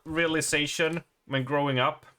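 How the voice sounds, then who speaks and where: A Swedish man in his thirties, apparently a streamer at a home desk mic, talks loosely to his stream chat, drifting between thoughts, laughing, and swearing. His voice is a little high, bright, and forward, with fairly even intonation and a moderate pace.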